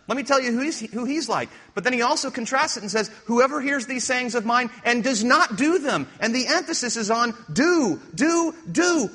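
A man preaching a sermon, using rhetorical questions and swinging from hushed to emphatic. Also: sits high, breathy edge. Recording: reverberant hall.

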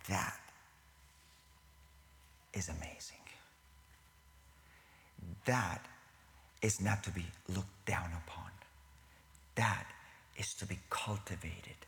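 Speaking slowly and from low in his register, a man preaches to his congregation with vocal fry and frequent pauses. His delivery jumps from animated bursts to hushed near-whispers, broken up by self-corrections and laughing asides.

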